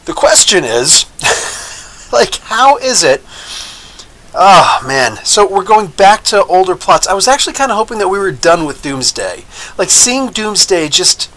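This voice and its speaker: An American man rambles through a casual episode review as the host of a live show. He talks in an animated way with a fairly high voice, stacking up restarts and asides. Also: poor audio. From United States. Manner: animated, rambling, with frequent laughs and mock voices.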